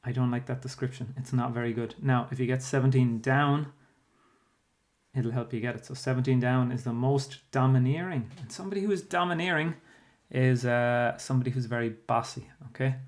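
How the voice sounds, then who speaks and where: A man's voice: medium pitch, a little fast. A man, a primary school teacher talking a class through a spelling workbook in a patient, explanatory way, with plenty of fillers. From Ireland.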